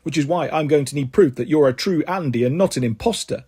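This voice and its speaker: Brief: officious storybook gate guard, husky and high-pitched, done by a male reader. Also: fast talker, mellow. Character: fussy male gate guard, a copy of the narrator.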